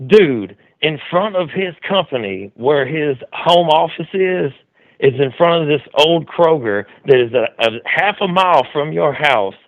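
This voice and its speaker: Excitable man telling a story. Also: on the high side, unhurried, no room sound, dull audio. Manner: loose, excitable storytelling with many restarts and "dude". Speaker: call-in show host. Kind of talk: casual rambling commentary. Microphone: studio mic with mixer.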